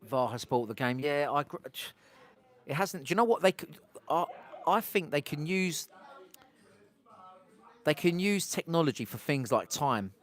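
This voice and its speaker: A man's voice: on the high side, expressive, moderate pace, pauses often. A man from England hosting a casual outdoor live stream, rambling and breaking off to talk to his viewers. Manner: rambling, self-interrupting, talks to viewers. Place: outdoors on a street.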